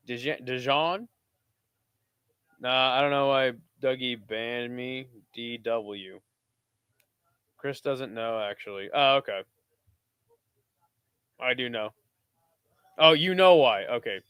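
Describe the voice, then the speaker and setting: A man's voice: medium pitch, fairly bright tone, smooth, no room sound, studio quality. A man hosting a live watch-party stream, chatting bluntly and profanely and reading chat aloud.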